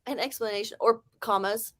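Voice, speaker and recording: A woman's voice: on the high side, steady tone, moderate pace, fairly bright tone. A woman in her forties with an Ohio accent and a slight lisp, hosting a casual writing-sprint stream in a chatty, rambling, self-deprecating way. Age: 40s. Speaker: livestream host.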